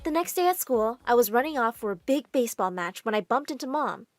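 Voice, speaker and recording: A woman narrating a first-person animated story in a brisk, expressive way. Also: on the high side, soft background music.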